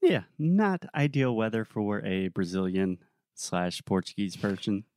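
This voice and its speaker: A young adult man co-hosting a podcast, telling a story in a relaxed, casual way with plenty of fillers. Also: on the low side, measured pace. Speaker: podcast co-host.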